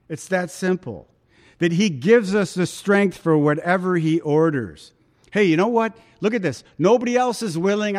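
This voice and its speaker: Conversational man preaching a sermon. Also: on the high side. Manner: conversational, dramatic quoting of voices.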